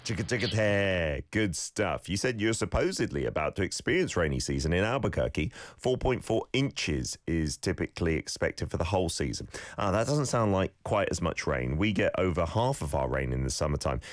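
A man hosting a radio show, playfully correcting listeners' pronunciation and repeating phrases slowly. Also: deep voice, big pitch swings, no echo, studio quality. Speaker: radio host teaching Korean phrases. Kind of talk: casual radio lesson.

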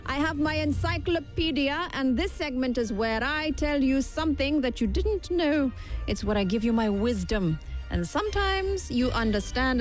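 A woman's voice: high voice, lively intonation, a little slow, faint music behind. A young woman chatting playfully to camera in a vlog, full of jokey asides. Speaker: vlogger. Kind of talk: casual chat to camera.

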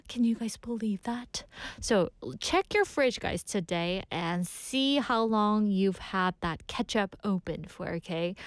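A woman's voice: medium pitch, no echo. A young woman hosting a bilingual radio show as DJ. She is bubbly and chatty and talks straight to her listeners in a studio. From Korea. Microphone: studio microphone.

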